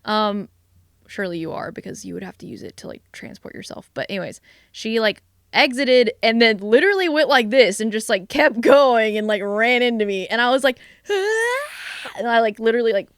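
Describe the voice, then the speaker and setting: A young woman co-hosting a casual podcast, telling animated, swear-filled stories full of "like"s. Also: a little high, brisk, smooth, no room sound, studio quality. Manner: animated, profane storytelling with many "like"s. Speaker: vlogcast co-host. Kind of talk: casual chat.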